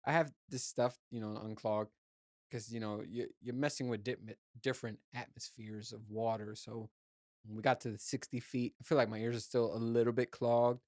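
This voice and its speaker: A man's voice: medium pitch, level tone, normal speed, a little mellow, no room sound, clean studio sound. A man hosting a podcast, telling a rambling, profane story in a casual chat with his listeners and laughing at himself. He grew up in Puerto Rico. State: ears still clogged after diving. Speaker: podcast host.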